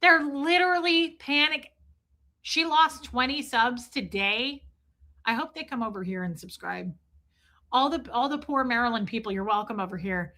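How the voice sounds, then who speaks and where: Middle-aged woman streamer, brash and animated, bright cutting tone. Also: fairly high pitch, normal speed. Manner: profane, animated, acts out quotes. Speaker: livestream host. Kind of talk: gossip commentary livestream.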